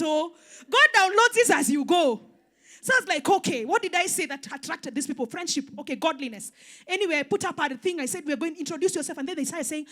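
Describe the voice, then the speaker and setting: High-voiced woman preaching. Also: fast. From Kenya. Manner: animated storytelling, swinging between loud exclamations and soft asides. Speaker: pastor. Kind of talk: sermon.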